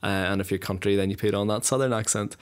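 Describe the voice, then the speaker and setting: A man hosting a casual radio chat show, chatty and quick to laugh. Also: on the low side, fairly even intonation, clear, resonant tone. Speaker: radio host.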